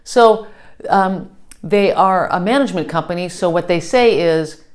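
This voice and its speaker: A woman's voice: fairly low pitch, measured pace, a little mellow. A woman teaching a customer service lesson, upbeat and checking in often with "okay?". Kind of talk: instructional lesson.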